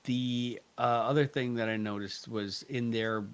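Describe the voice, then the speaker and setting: A man's voice: medium pitch, fairly even intonation, unhurried, clean tone. A man co-hosting a podcast, giving a rambling, analytical episode review and often correcting himself mid-sentence. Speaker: podcast co-host. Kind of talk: casual review chat.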